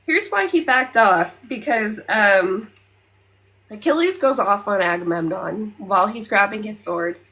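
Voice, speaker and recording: A woman hosting a casual podcast chat, her voice sitting at an ordinary middle pitch. She talks in a loose, animated way, swears freely, and breaks off to hunt for her place with plenty of ums. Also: unhurried, rough recording. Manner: animated retelling, often swears, fillers, loses her place. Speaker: podcast co-host.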